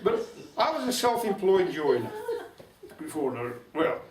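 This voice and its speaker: Wry older Black Country storyteller. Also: male voice, a little high, huge pitch swings, unhurried, slight background noise. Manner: chatty, wry asides. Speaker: folk club storyteller. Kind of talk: humorous storytelling to a live audience. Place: folk club room. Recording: roomy club hall from a distance.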